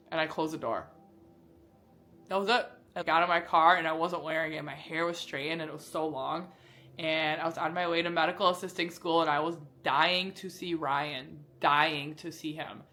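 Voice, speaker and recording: A young woman shares her own past in a personal vlog, talking straight to the camera. She tells it candidly and with energy, briefly acting out the people she quotes. Her voice sits a little on the low side. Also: a bit bright. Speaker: vlogger.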